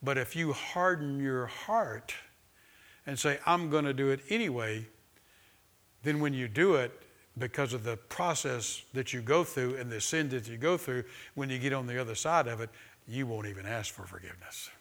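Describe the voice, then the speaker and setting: A man's voice: medium pitch, moderate pace, a bit bright. A male pastor preaching a sermon. He moves between reading passages aloud from a book and talking informally to the congregation, asking them questions and having them repeat a line back. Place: church sanctuary with a live congregation.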